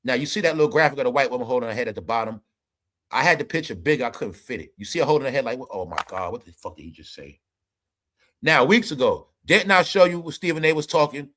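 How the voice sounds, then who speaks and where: A man's voice: mid-range voice, fast, a bit bright. A man hosting an entertainment commentary show, ranting emphatically and profanely straight to his viewers. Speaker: commentary channel host.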